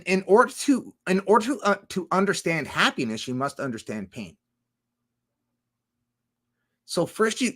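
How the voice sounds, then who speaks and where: A man's voice: fairly high pitch, fairly bright tone. A man chatting casually on a livestream, rambling with many restarts, swearing heavily and laughing often. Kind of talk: casual rambling stream chat.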